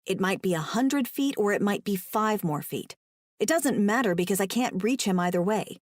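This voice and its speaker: A woman's voice: lively intonation, moderate pace, dry recording, studio quality. A young woman narrating a first-person romance audiobook, emotive and dramatic. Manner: emotive, voices the heroine's panic in a higher pitch.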